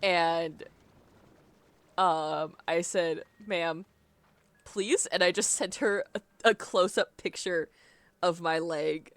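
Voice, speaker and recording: A woman's voice: fairly low pitch, fairly even intonation, slow pace, long pauses, fairly bright tone, no echo. A young adult woman streaming a game live, chatting casually and rambling, often breaking into laughs. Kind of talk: casual live-stream chat while gaming.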